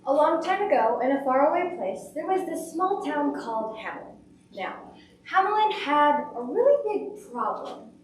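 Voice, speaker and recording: Woman, storyteller, high lively voice, very echoey room, distant mic. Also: normal speed, slight background noise. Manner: lively, dramatic telling with voiced characters. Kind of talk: oral storytelling performance. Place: performance venue.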